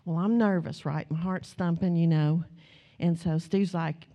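An older woman delivers a sermon, her voice mellow and warm. She tells a story with plenty of life and slips into her family members' voices as she goes. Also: lowish voice, fairly even intonation, measured pace. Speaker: pastor.

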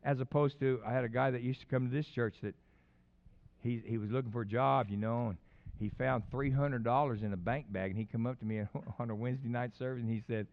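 A man's voice: medium pitch, fairly even intonation, fast talker, dull audio. A man preaching a sermon as pastor, telling rambling personal stories with many restarts.

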